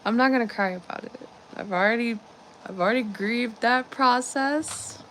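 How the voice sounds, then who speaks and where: Slightly high and a bit bright, this woman's voice moves at a moderate pace over slight background noise. As a live-stream host she chats casually and rambles, using many fillers and calling her viewers "guys."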